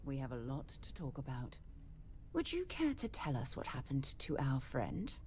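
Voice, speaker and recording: A woman's voice: extremely low pitch, wildly swooping pitch, normal speed, a little mellow, slight background noise, exaggerated voice. An actress voicing a composed, firm woman leading an explorer group in a video game. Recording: game audio over faint music.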